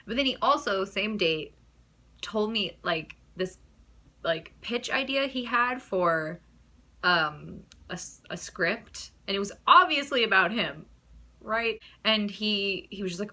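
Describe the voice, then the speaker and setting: A young woman with an American accent chats straight to the camera about her own experiences. Her voice is clear and bright. She laughs easily, breaks off mid-sentence and starts again, in a loose, talkative storytelling manner. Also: mid-range voice, measured pace. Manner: chatty, giggly, trailing off and restarting. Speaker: vlogger.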